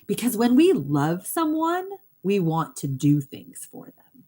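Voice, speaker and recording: A woman with a medium-pitched, dark voice speaks unhurriedly, her pitch swinging widely. She's a hypnotherapist hosting a casual live talk, addressing viewers earnestly and directly with easy laughs between her thoughts.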